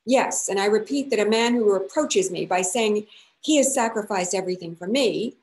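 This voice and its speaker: A woman's voice: mid-range voice, a little fast, mellow, lightly acted, poor audio. A woman reading aloud the part of a jealous, desperate young noblewoman, voice raised and accusing. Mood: heated, accusing.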